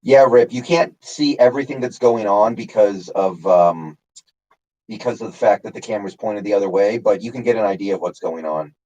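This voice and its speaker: A man's voice: fairly low pitch, brisk, dark tone, lo-fi sound. A man casually chatting on his live stream, answering chat by name with lots of fillers. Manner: rambling, reads chat names, many fillers.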